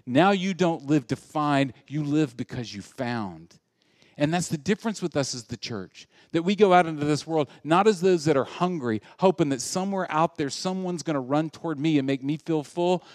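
A male pastor preaching a sermon, moving between loud, animated passages and hushed, intimate ones. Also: fairly high pitch, no echo, clean studio sound.

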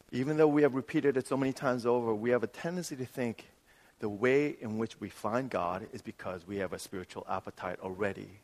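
Pastor preaching in an echoing hall. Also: male voice, medium pitch. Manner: dramatic swings between loud emphatic and soft hushed delivery. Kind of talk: sermon.

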